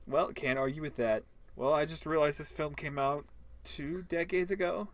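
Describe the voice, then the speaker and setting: A man's voice: fairly high pitch, moderate pace. A man giving casual, joking commentary while playing a story game and talking back to it. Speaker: gameplay host.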